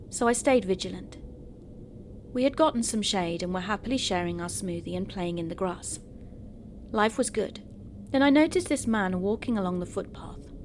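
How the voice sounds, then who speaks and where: A woman narrating true horror stories in a steady first-person storytelling manner. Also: on the low side, slight background noise.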